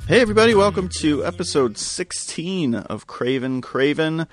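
A man co-hosting a casual podcast, upbeat and quick to laugh. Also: fairly high pitch, animated, soft background music. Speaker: podcast co-host.

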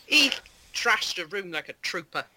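A man in a casual film discussion, making wry, quick quips. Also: high-pitched, very animated, background noise.

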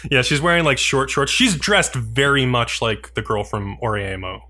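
A man in a casual co-hosted conversation, talking loosely with plenty of fillers and easy chuckles. His voice is bright and forward, at an ordinary middle pitch. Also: measured pace. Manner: relaxed, filler-heavy, chuckling. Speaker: podcast co-host. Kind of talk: casual anime recap chat.

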